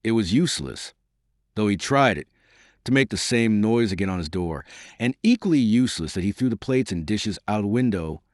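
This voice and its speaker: A man narrating an audiobook in a measured, dramatic reading. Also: lowish voice, no room sound, clean studio sound. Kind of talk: scripted narration.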